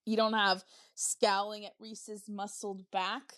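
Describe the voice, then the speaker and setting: A woman co-hosting a podcast, talking in a relaxed, casual way with plenty of fillers. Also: mid-range voice, takes it slowly, smooth. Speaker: podcast co-host. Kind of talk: casual chat.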